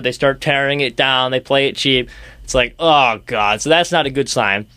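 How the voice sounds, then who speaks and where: A man's voice: mid-range voice, normal speed, bright, forceful tone, smooth, no echo. A young man hosting a casual sports talk show, rambling and ranting with sarcastic jabs. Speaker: sports podcast host.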